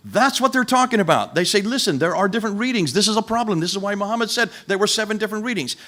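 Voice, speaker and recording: A man's voice: high voice, fairly bright tone. A man giving a lecture to a live audience, emphatic and full of rhetorical questions, speaking directly to the people in the room.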